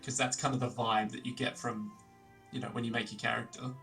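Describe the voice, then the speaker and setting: A man's voice: medium pitch, flat delivery, a little fast, creaky, pushed and bright, soft background music. A man chatting casually as a player in a laid-back, musing way, recorded off the mic. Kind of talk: casual chat. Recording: voice picked up from off the mic.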